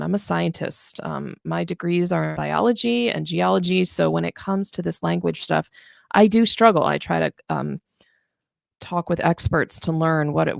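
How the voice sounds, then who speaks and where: A woman's voice: lowish voice, gravelly, dry recording, studio quality. A middle-aged woman teaching astronomy on a live stream, chatty and self-deprecating as she thinks aloud while marking up a star photo. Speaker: astronomy educator. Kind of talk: live-streamed screen-share lesson.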